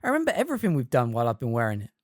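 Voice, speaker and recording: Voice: mid-range voice, very animated, moderate pace, warm tone, no room sound, studio quality. Harry, a reader voicing a defensive teen wizard. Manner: defensive, breathless. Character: teenage boy wizard, tense and defensive.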